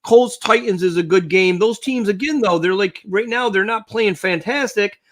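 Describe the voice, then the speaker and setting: High-voiced older man rambling about sports. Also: moderate pace. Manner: rambling, thinking aloud. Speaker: sports talk co-host. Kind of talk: casual sports banter.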